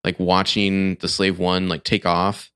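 A man's voice: low voice, little pitch movement, a little slow, fairly bright tone, clean tone, dry recording, studio quality. A man co-hosting a podcast, casually picking apart a TV show in a sarcastic, rambling way with lots of filler words. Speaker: podcast co-host. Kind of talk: casual chat reviewing a TV show.

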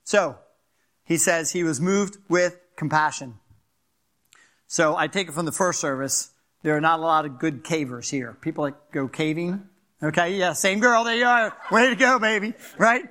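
Fast, animated older pastor from Philadelphia. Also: male voice, fairly high pitch. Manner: animated, fast-talking, asks the crowd "right?". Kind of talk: sermon.

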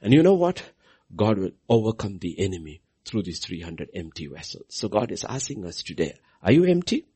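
A man preaching a sermon, repeating key phrases and swinging his voice from soft lows to loud highs for emphasis. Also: big pitch swings, fairly quick, slightly rough.

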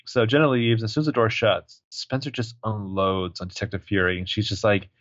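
A man co-hosting a recap podcast in a casual chat, animated and swearing as he retells scenes. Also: lowish voice, a little fast, no echo, lo-fi sound. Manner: animated, swearing, jumping into voices for quoted lines. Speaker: podcast co-host recapping a TV episode.

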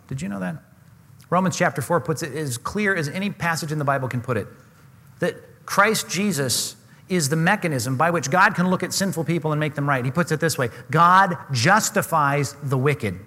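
A man's voice: fairly high pitch, bright, forceful tone, long reverb tail. A man preaching a sermon, earnest and emphatic, often asking his listeners questions. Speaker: pastor.

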